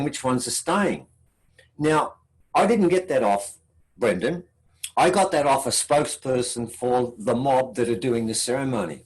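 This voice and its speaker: An Australian man giving a conference talk, telling a story and acting out the dialogue in it. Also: rough recording. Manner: acts out quoted dialogue with shifting pitch. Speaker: conference speaker.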